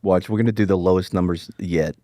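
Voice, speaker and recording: Lowish male co-host, excitable banter, dry close sound. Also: fast, no room sound. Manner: excitable, joking, laughs often. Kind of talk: casual podcast chat.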